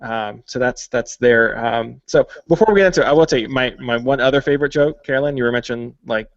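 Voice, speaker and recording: A man's voice: medium pitch, quick pace, no echo, dull audio. A man hosting a podcast, talking casually and joking, with lots of fillers. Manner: chatty, jokey, many fillers. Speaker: podcast host. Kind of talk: casual chat.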